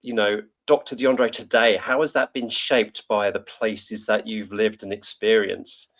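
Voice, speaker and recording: A man's voice: fairly low pitch, steady tone, unhurried. A man from the United Kingdom hosting an interview, chatty and rambling, often laughing and correcting himself. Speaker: podcast host. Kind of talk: conversational interview.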